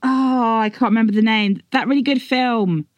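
A woman's voice: fairly high pitch, fairly even intonation, normal speed, dry recording. A young woman co-hosting a casual chat, playfully reading out categories and giggling as she goes. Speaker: co-host.

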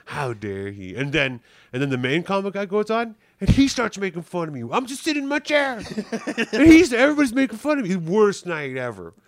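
A man's voice: high-pitched, big pitch swings, fairly quick, dry recording, studio quality, pitched above the performer's own voice. A man putting on the voice of a rowdy young man griping through a story about a bad night, rambling and indignant.

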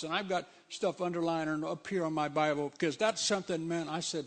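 A man's voice: a little high, brisk, hardly any pauses. A man preaching a sermon in a conversational, emphatic way, with frequent asides.

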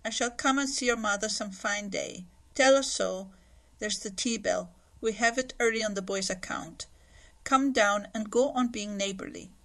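Mr Lawrence, a gruff, abrupt old gentleman as a woman reads him. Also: high-pitched, normal speed. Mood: brusque. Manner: blunt, short questions. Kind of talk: audiobook character voice.

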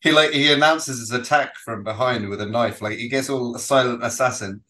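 A man in casual chat on a film podcast, with a plain middle-pitched voice. He rambles through his points, trips over and restarts his sentences, and laughs easily with his co-host. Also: brisk, bright, forceful tone.

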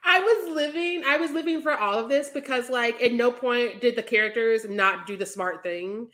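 High, bright, laughing young woman. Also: normal speed. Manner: animated, laughing, acts out quotes. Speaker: podcast co-host. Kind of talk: casual film discussion.

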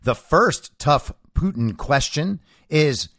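A man's voice: medium pitch, expressive, measured pace, fairly bright tone, dry recording, studio quality. A man hosting a commentary monologue, delivering his opinions in a sarcastic, mocking manner. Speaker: show host.

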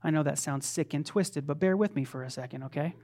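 A man preaching a sermon, moving between loud fervent declarations and soft, conversational asides. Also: on the high side, brisk. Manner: acts out quoted voices of his children playfully. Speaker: pastor.

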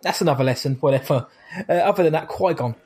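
A man, co-hosting a casual podcast and reading out listener questions. His voice sits a little high. He talks in a quick, upbeat way and laughs easily. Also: a little mellow, breathy edge. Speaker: podcast co-host. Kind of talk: casual chat.

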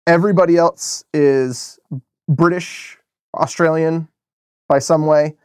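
A man's voice: on the high side, slow, clear, resonant tone, no echo, studio quality. Chatty American man reviewing films. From United States. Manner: animated, rambling, many fillers and restarts. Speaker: podcast co-host. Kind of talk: casual film review chat.

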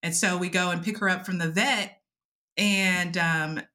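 A woman podcast host casually telling a story, animated and laughing often, acting out what people said, with loose swearing and fillers. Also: on the low side, a little slow. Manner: animated, laughing, acts out quotes.

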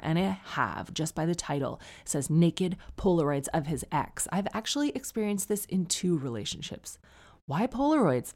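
A podcast host and comedian in her forties, with a low, slightly mellow voice, chats casually as she reads out listener emails, teasing and wry throughout.

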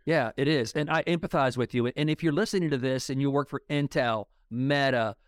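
A man's voice: mid-range voice, brisk, no echo, studio quality. A middle-aged man telling his story in a casual podcast interview, blunt and emphatic. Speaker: guest. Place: Denver.

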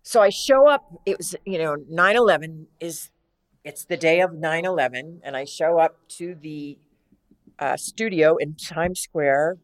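In a casual interview, a middle-aged actress appearing as a guest tells a long story. Her female voice is deep, and she rambles and halts, restarting many times.

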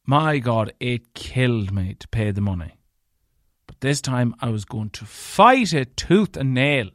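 An Irish man hosts a podcast alone and tells a story of his own. He is animated and angry and swears freely, at a middling pitch. The sound is dry and close, with no room around it. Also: dry recording. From Ireland. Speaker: podcast host. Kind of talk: solo storytelling rant.

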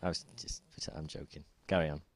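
A man's voice: a bass voice, fairly even intonation, a little fast, no room sound. A man co-hosting a podcast, teasing with short, dry quips in casual chat. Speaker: podcast co-host.

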